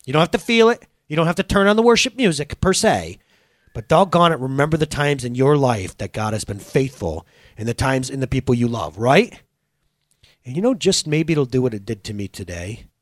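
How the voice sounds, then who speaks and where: A middle-aged man preaching a sermon, telling playful stories with loud bursts of excitement. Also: mid-range voice, a little fast, no echo, studio quality. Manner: animated, playful storytelling with bursts of loud exclamations. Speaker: pastor.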